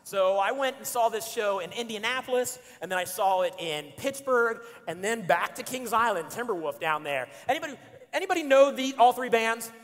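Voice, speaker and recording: A man's voice: very high-pitched, brisk. A man in his forties giving a playful storytelling sermon as a pastor, acting out his friends' lines. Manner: animated, playful, acts out friends' lines with shouts and laughs. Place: church auditorium. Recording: church hall reverb.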